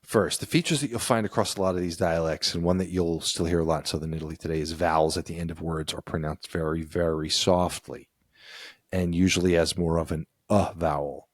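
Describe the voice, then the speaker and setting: A man's voice: low voice, steady tone, a little fast, dry recording, clean studio sound. A man co-hosting a podcast, reading from an article and explaining it in a casual, easy-laughing way; he is from the United States and has kids. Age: adult with children. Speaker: podcast co-host.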